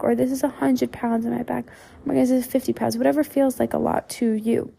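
A woman's voice: on the high side, flat delivery, a little fast, creaky, mellow, breathy edge. A woman hosting a podcast, delivering a blunt motivational monologue full of swearing and emphatic repetition. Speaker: podcast host and mindset coach.

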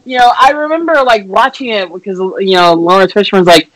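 High-voiced sassy man joking. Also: fairly quick, hardly any pauses, a bit bright, no echo, low-quality recording. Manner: sassy, profane, playful teasing. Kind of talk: casual chat.

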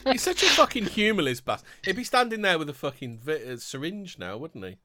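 Lively sweary man laughing through banter. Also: on the high side, brisk, crowd noise. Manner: swearing, laughing a lot, mocking. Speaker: podcast co-host. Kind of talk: casual chat.

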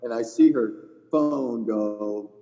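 A man's voice: medium pitch, slow pace, creaky, warm tone, in a large hall, dull audio. A man who works as a tour caddie, co-hosting a golf podcast and telling long rambling anecdotes in casual chat. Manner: rambling anecdotes with laughs and profanity.

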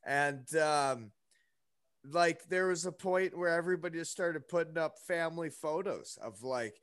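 A man's voice: on the high side, measured pace, fairly bright tone, clean tone, no room sound, clean studio sound. A young man telling a story in casual chat, rambling with lots of fillers and asides. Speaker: podcast guest.

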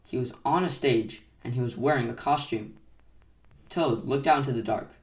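A man gently reading a children's bedtime story aloud, recorded in an echoey room from a distance. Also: mid-range voice, normal speed. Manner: gentle, soft-spoken narration. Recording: echoey room, mic set far off.

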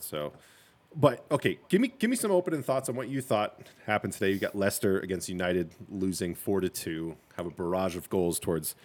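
A man co-hosting a casual sports podcast, talking in an opinionated, joking and rambling way. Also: low-pitched.

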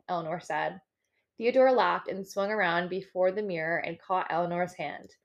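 A woman co-hosting a book podcast, chatting in an animated way, laughing often and swearing casually, and sometimes reading aloud from the novel. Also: fairly low pitch, moderate pace, vocal fry, muffled recording. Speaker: podcast co-host.

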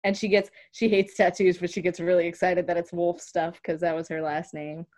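A young adult woman, a fighter and guest on a podcast, telling stories in a lively, dramatic way. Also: on the low side, a little fast. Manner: animated, dramatic storytelling. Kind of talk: casual interview chat.

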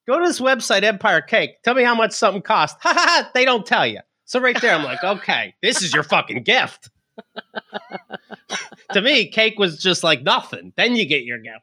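A man's voice: sits high, moderate pace, breathy edge, dry recording, clean studio sound. A man, a podcast co-host, telling a comedic story, laughing often and acting out the other people's lines. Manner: animated, laughs often, acts out dialogue.

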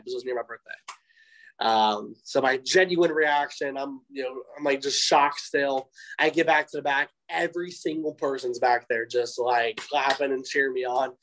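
A man's voice: medium pitch, normal speed, low-quality recording. A young man, a professional wrestler, telling a story in a casual interview, acting out what people said with lots of ums. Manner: animated, acts out quoted voices, frequent fillers. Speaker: interview guest, pro wrestler.

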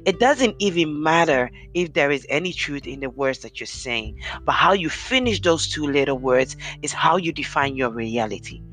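A podcast host with a deep, commanding voice, giving an earnest, encouraging motivational talk straight to listeners. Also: lively intonation, normal speed, few pauses, a bit bright, soft background music.

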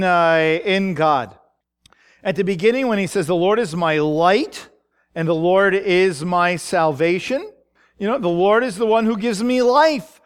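A man's voice: high-pitched, smooth. A man preaching a sermon, explaining a psalm in a thoughtful way, with frequent fillers, restarts and "right?" checks.

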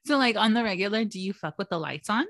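A young woman co-hosting a casual chat podcast, telling stories in an animated way, acting out quotes and swearing freely. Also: medium pitch, fast, dry recording, clean studio sound. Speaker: podcast co-host.

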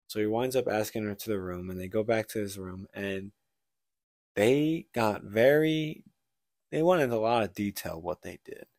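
A man co-hosting a casual podcast rambles through the plot of a book, acting out the characters' lines as he goes. His voice is on the low side at a normal speed, recorded clean in a studio with no room sound.

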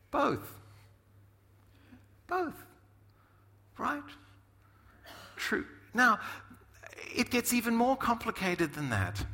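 A middle-aged man preaching a sermon in a conversational, animated way, often asking "right?". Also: sits high, vocal fry, big-room sound. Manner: animated, conversational, many asides and tag questions. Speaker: pastor.

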